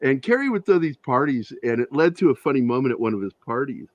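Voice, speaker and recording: A man who is a guest on an interview show, telling profane, animated anecdotes with a lot of laughter in casual conversation. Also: medium pitch, fast, no room sound, highs cut off. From Virginia, USA. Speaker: interview guest, comic creator. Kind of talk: casual storytelling.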